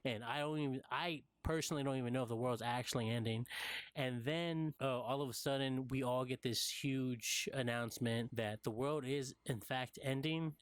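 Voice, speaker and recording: A man's voice: mid-range voice, smooth, no echo. A young man in casual, rambling storytelling, full of "like" and "uh" fillers. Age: young adult. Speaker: college student recounting a dream.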